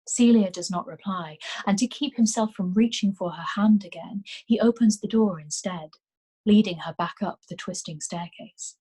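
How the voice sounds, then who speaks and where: Woman reading a story aloud at home, gentle and unhurried, breathy husky voice. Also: mid-range voice. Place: home, during lockdown.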